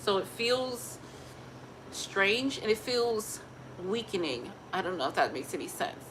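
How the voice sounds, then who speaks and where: A woman's voice: medium pitch, big pitch swings, measured pace, noisy background. A pregnant woman chatting candidly to her viewers on a phone, earnest and rambling, often laughing mid-sentence. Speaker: family vlogger. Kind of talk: candid casual chat to viewers.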